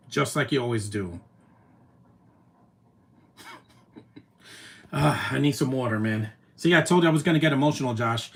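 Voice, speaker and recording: A man streaming his reaction to a movie, talking in an emotional, rambling way with many "man" tags and the odd loud taunt. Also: mid-range voice. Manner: soft-spoken, with sudden loud taunting outbursts. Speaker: live streamer.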